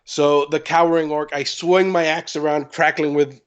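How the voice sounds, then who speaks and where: A man playing a tabletop game, relaxed, giving short casual replies. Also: on the high side, normal speed, clean tone, muffled recording. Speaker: player.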